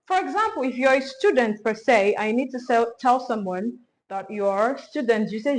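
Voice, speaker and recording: A woman teaching a beginner French lesson, speaking slowly and repeating each phrase for learners. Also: fairly high pitch, expressive, poor audio.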